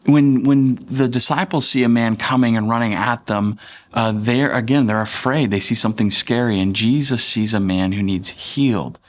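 A man's voice: medium pitch, normal speed. A man in his thirties, a pastor, preaching a sermon in a conversational, playful way and acting out voices from the scripture.

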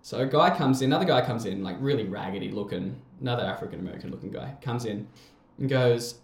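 A man's voice: medium pitch, expressive, quick pace, creaky, hardly any pauses, reverberant. Rambling Australian guy telling stories. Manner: rambling, swearing, laughs often. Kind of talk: casual storytelling chat.

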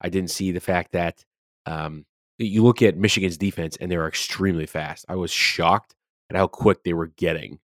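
A man's voice: low-pitched, steady tone, moderate pace, dry recording, clean studio sound. A man co-hosting a sports podcast, talking casually and animatedly, swearing freely as he rants about games. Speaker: podcast co-host.

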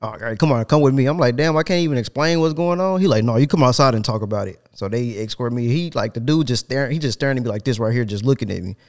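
A man hosting a casual podcast, telling an animated, profane story with laughter. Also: mid-range voice, quick pace, hardly any pauses. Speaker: podcast host.

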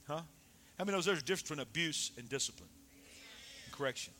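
A man preaching a sermon, dropping soft then shouting loudly. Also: a little high, fast talker, a faint crowd, slight background noise. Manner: animated, swings from soft to shouting. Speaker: pastor.

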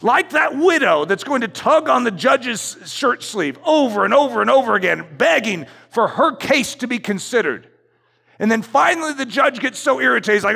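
A man's voice: very high-pitched, sing-song, normal speed, creaky, pushed and bright, slightly rough. A middle-aged man preaching a sermon as pastor, emphatic and repetitive as he drives his points home in a church. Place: church sanctuary. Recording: church hall reverb.

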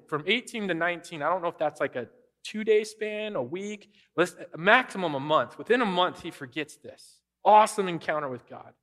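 A man preaching a sermon, telling a Bible story in a lively, conversational way and acting out quoted voices. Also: on the high side. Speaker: pastor.

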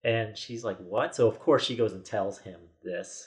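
A man's voice: fairly low pitch, moderate pace, darkish tone. A man in his forties, a podcast guest, telling a story in casual chat with many restarts and quoted asides.

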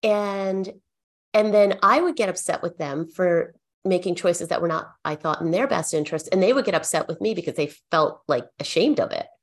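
In a fairly low voice at a moderate pace, a middle-aged woman who works as an accountant shares earnest stories during a podcast interview. She brings them to life by acting out the conversations she had with clients.

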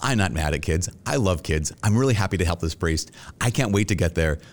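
A man's voice: low voice, fairly quick. A middle-aged man, a Catholic priest, answering interview questions in an earnest, reflective way and acting out his own past thoughts. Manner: earnest and reflective, with animated self-quotes.

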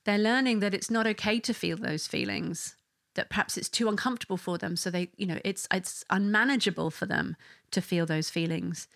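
A woman's voice: mid-range voice, a little fast, vocal fry, fairly bright tone, no echo, clean studio sound. A woman in her thirties or forties giving an earnest, conversational talk on parenting, with frequent restarts and asides. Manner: earnest, conversational, with many restarts and "you know". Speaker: parenting educator.

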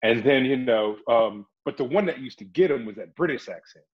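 A man's voice: medium pitch, animated, fairly quick, slightly rough, lo-fi sound. A middle-aged man, an actor, chatting animatedly in an interview and slipping into voices as he tells stories. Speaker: actor and guest. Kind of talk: casual interview storytelling.

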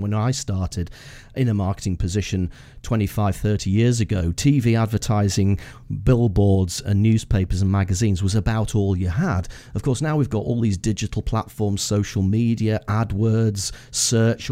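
A man in his fifties hosting a podcast, chatting in a relaxed, storytelling way with frequent restarts. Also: lowish voice. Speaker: podcast host and marketing consultant. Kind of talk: casual conversational interview.

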